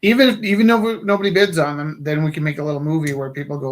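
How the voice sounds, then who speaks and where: A man hosts a live art stream in a loose, rambling chat, poking fun at himself as he tells a story. His voice sits a little high for a man. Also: steady tone, very fast, hardly any pauses. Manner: rambling storyteller, self-deprecating. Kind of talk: casual chat.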